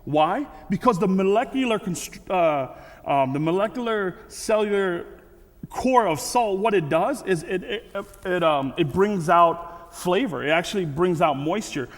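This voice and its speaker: A man's voice: high-pitched, expressive, a little slow. A man giving a casual, conversational sermon with frequent restarts and asides. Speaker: guest speaker. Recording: reverberant hall.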